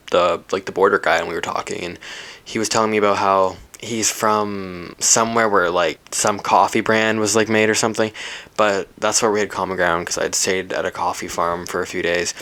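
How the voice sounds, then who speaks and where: A young man hosts his own podcast alone, talking through his story in a loose, rambling way. His voice sits on the low side, and he swears freely, restarts his sentences and fills the gaps with "like". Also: fairly bright tone. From Canada, British Columbia. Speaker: podcast host. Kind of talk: casual solo podcast storytelling.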